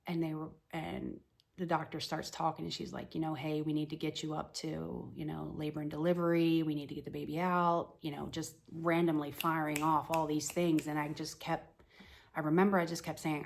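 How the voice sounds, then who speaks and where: A woman's voice: sits low, flat delivery, normal speed, vocal fry. A woman telling a personal story to the camera in a plain, conversational way, full of "you know"s. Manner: plain, matter-of-fact retelling. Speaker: mother telling of a pregnancy loss.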